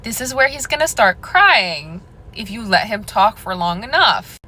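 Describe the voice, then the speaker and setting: A woman's voice: mid-range voice, very animated, measured pace, bright, forceful tone, low-quality recording. Young woman vlogger, sassy dating advice, calls u girl and honey, bit of hiss behind. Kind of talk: direct-to-camera advice monologue.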